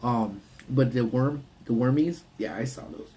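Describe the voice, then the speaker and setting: A man's voice: mid-range voice, measured pace, warm tone, a little hiss or hum. A man hosting a casual live stream from his parked car, rambling and answering his chat. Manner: laid-back, rambling, reads and answers chat. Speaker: livestream host.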